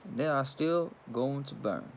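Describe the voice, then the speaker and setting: A man voicing the devil as a smooth-talking old Southern gentleman, with a Carolinas accent and a low, hushed drawl. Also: a little slow, slight background noise, natural voice. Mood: smug.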